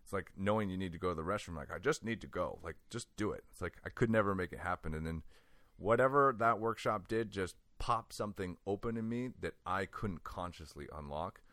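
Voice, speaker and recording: A man with a very low voice tells a personal story in loose, casual talk, laughing often and filling his sentences with "like". The sound is dry and close, with no room around it. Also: fairly quick, dry recording. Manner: animated, laughs often, many "like"s. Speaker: guest.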